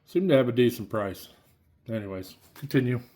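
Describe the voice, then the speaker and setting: A man's voice: mid-range voice, lively intonation, moderate pace, mellow. A man casually narrating a tool-cart build in a cramped home workshop, rambling and offhand, breathing heavily. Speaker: DIY tool vlogger.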